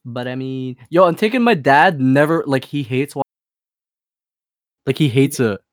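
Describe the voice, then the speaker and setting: A man co-hosting a podcast in casual chat, animated, laughing often and using slang. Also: medium pitch, a little slow, no room sound, studio quality. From Filipino family. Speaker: podcast co-host.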